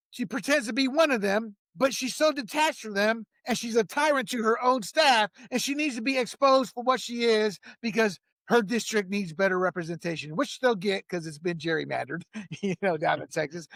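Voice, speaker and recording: A man's voice: high voice, fairly bright tone, no echo, studio quality. A man hosting a political commentary show, talking in a heated, emphatic way and laughing at his own jokes.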